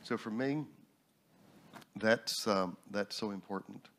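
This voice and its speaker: A man, a New Thought minister and instructor, sharing a personal story in a relaxed panel talk with humorous asides. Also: fairly low pitch, slow pace.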